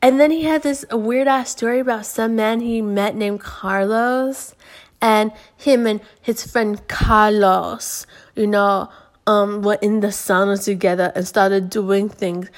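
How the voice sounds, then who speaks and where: A woman's voice: medium pitch, steady tone, takes it slowly. A woman in her twenties hosting a podcast, telling stories in a rambling, profane way, full of fillers and restarts. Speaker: podcast host. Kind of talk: casual storytelling.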